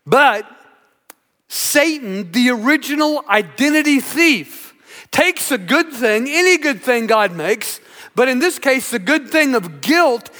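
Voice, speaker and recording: A man's voice: very high voice, pushed and bright. A man preaching a sermon in an emphatic, earnest way, repeating words for effect. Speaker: pastor. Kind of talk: sermon with storytelling. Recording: echoey hall reverb.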